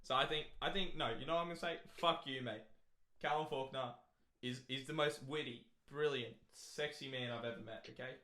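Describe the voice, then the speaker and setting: A man's voice: mid-range voice, fairly even intonation, fairly quick, pushed and bright, roomy sound. A man co-hosting a casual chat podcast, joking with his co-host and reading out a long listener letter with frequent laughs. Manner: laughs often, reads aloud at length.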